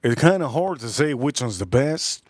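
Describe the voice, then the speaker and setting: A man hosting a livestream tells a rambling, crude story in a casual manner, repeating himself along the way. His mid-range, slightly mellow voice has lively intonation at a normal speed, with a little hiss or hum in the background.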